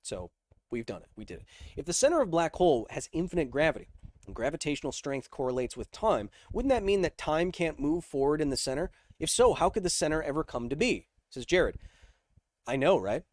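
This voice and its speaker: A man hosting a casual science livestream, reading viewer questions aloud and answering them with jokes, slowing down for dramatic emphasis. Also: fairly high pitch, no echo, studio quality. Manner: energetic, joking, shifts between slow dramatic emphasis and quick asides.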